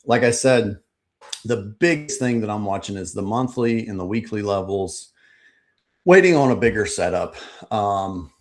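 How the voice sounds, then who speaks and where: Guy with a lowish voice going over his trades on a live stream, chill and rambly, lots of ums. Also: measured pace. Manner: relaxed, rambling, frequent ums and uhs. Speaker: trading channel host. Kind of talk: casual live market recap.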